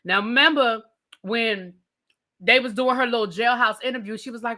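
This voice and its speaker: A woman rants about a show in loose, casual talk. Her voice is bright and a little high, and she is blunt and sassy. She curses freely as she goes. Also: normal speed. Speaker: TV show reviewer. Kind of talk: casual ranting commentary.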